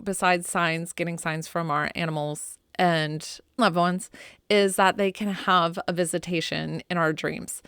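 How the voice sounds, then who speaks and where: A middle-aged woman hosting a podcast as a pet psychic, telling stories in a chatty, animated, heartfelt way full of "like"s. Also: fairly low pitch, smooth, dry recording, clean studio sound. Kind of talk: casual heartfelt storytelling.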